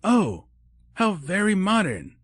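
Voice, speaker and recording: A man voicing Mrs. Claus in an audiobook, a cheerful, encouraging older woman with a brisk manner. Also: fairly high pitch, animated, breathy edge, dry recording, clean studio sound, pitched above the performer's own voice. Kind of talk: audiobook character voice.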